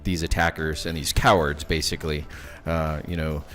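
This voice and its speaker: A man hosting a podcast interview, speaking earnestly with halting phrases and many fillers. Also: a bass voice, flat delivery, fairly bright tone. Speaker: podcast host. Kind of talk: casual interview talk.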